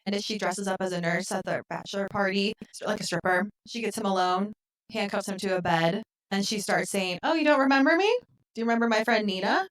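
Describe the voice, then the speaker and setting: A woman co-hosting a podcast, retelling a film in casual chat and acting out the characters' lines with lively swings. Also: mid-range voice, fairly quick. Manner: animated retelling, acts out quotes. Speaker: podcast co-host. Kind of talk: casual movie recap chat.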